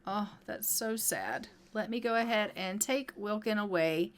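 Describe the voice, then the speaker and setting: A woman talks through her life-sim game in a relaxed, chatty way, explaining each step as she goes. Her voice sits at an ordinary middle pitch, and she slips into quick asides for her characters. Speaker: gameplay narrator. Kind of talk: casual let's-play commentary.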